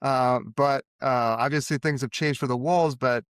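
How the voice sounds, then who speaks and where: A man hosting a casual podcast chat, easygoing and quick with short encouraging replies. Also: mid-range voice, steady tone, smooth, dry recording, clean studio sound. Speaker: podcast host.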